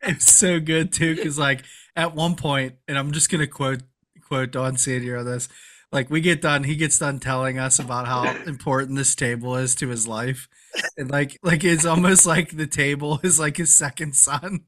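A man's voice: a little high, moderate pace. A man co-hosting a casual fishing podcast, telling fishing-day stories with lots of laughter. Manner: animated storyteller, laughs hard. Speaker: podcast co-host. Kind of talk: casual chat.

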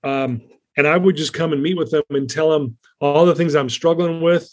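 A man speaking as an interview guest, slightly higher-pitched than most men. He tells his story earnestly and candidly, circling back with fillers and restarts as he goes. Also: steady tone, moderate pace.

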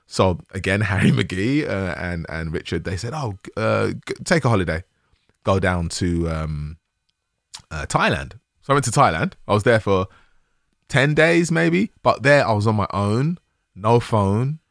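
A man hosting a podcast, telling a story in a casual, animated way with bursts of laughter. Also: lowish voice, a little slow, gravelly, no echo, clean studio sound. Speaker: podcast host.

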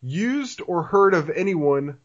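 A man's voice: high voice, lively intonation, slow. Man podcast host on a dull lo-fi mic. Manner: laughs often, repeats words when restarting. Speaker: podcast host reading listener email. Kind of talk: casual chat. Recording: dull lo-fi sound.

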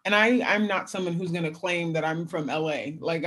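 A young woman from California, a guest in a casual interview, telling animated stories and acting out quotes with laughter. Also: lowish voice, moderate pace. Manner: animated storyteller, acts out quotes, laughs often. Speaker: guest, athlete.

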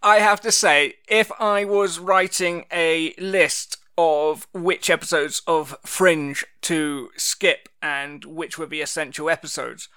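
Jokey male podcast co-host, bright tone, throat a bit sore. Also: on the high side, fairly even intonation, takes it slowly, few pauses, clean tone, no echo, clean studio sound. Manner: jokey, playful, does mock voices. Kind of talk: casual podcast chat.

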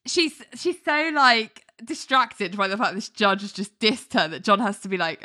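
Bright-voiced woman recapping chattily. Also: mid-range voice, normal speed, hardly any pauses. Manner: chatty storytelling, full of "like" and laughter. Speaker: podcast host recapping a TV episode. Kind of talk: casual chat.

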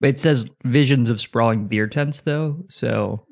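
A man's voice: mid-range voice, takes it slowly, creaky, darkish tone. A man co-hosting a podcast in casual chat, with a dry, wry way of talking. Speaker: podcast co-host.

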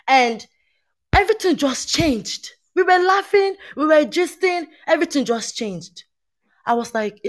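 A woman, chatting on a podcast panel and telling a story in an animated, emphatic way. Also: fairly high pitch. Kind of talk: casual chat.

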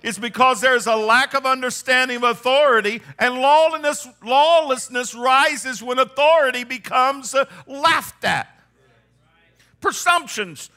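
Older pastor man preaching loud then hushed, super bright sharp voice, keeps repeating lines. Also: measured pace. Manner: fervent preaching, shouting peaks then dropping low; repeats phrases for emphasis. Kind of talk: sermon.

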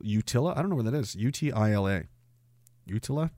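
A man's voice: medium pitch, animated, quick pace, darkish tone, no echo, clean studio sound. A man hosting a livestream, reading chat aloud in a profane, sardonic way and laughing often. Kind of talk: casual chat.

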